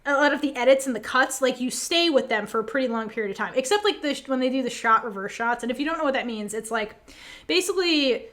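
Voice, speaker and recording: Woman, podcast co-host, high voice, lively intonation, casual animated chat. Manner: animated, fast, many fillers, quotes characters.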